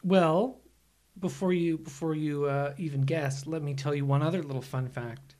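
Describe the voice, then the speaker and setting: A man's voice: on the high side, steady tone, moderate pace, darkish tone. A man co-hosting a movie podcast in casual, joking chat, laughing often. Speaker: podcast co-host.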